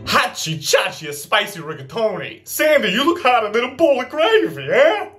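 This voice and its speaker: A cocky young greaser boy with a high, sing-song swagger, as a man puts him on. The voice jumps well above a normal man's talk and lands its punchlines with loud, showy flair. Music plays softly behind. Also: very animated, a little fast.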